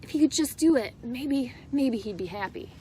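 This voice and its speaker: A woman hosting a video, reading a picture book aloud in an animated, sing-song way and cooing to her pets between pages. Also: sits high, moderate pace, a little hiss or hum. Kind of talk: storybook read-aloud.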